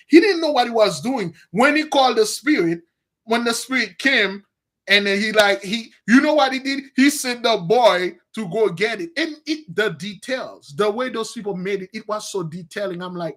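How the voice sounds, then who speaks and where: A man speaking as a religious teacher, giving an excitable, scornful and repetitive preaching-style commentary on a TV series. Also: high-pitched, moderate pace.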